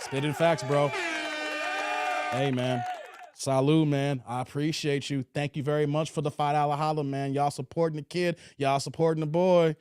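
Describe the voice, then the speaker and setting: A man from hosts a casual live stream. He answers chat messages in a relaxed drawl, and his voice sits rather high. The sound is close and dry, with no room echo. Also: moderate pace, clear, resonant tone. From Chicago. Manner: laid-back, drawling, trails off quietly at phrase ends. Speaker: livestream host reading chat.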